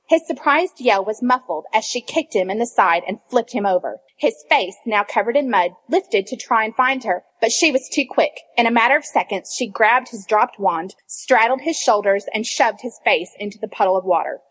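A woman with a fairly high voice reads fan fiction aloud, expressive and animated. She stops now and then to laugh or to comment on the text. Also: slightly rough. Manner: expressive, breaks into laughter and asides. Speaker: reader.

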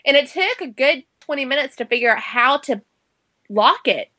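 This is a woman with a high, bright-pitched voice, chatting casually as a co-host. She tells her stories in an animated rush, full of "like" and acted-out quotes. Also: moderate pace. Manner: animated storyteller, heavy use of "like". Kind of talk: casual chat.

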